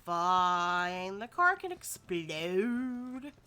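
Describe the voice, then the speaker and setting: A woman streamer chatting casually while playing a game, giggly and animated, swearing freely. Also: lowish voice, drawn-out words, smooth. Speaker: VTuber streamer.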